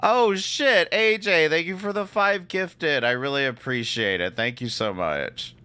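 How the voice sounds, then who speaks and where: A male streamer chats casually and with amusement, thanking his viewers between jokes. His voice is bright and smooth, clear and crisp at an ordinary pitch. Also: measured pace.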